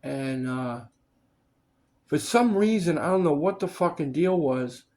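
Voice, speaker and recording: A man's voice: on the high side, expressive, measured pace, a little mellow. A man in casual chat, telling stories of film work, acting out the people he quotes and swearing freely. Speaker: storyteller recalling film work.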